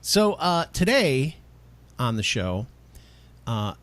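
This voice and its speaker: A man hosting a podcast in loose, casual chat. His voice swings up and down a lot as he rambles, and he laughs easily. His pitch sits in the middle for a man. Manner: animated, rambling, quick to laugh. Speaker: podcast host.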